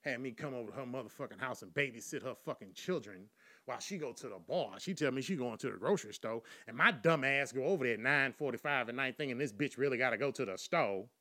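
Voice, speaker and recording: A young man performing a profane comic story monologue, animated, loud one moment and low the next, often laughing at his own jokes. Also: quick pace. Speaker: comedian telling a story.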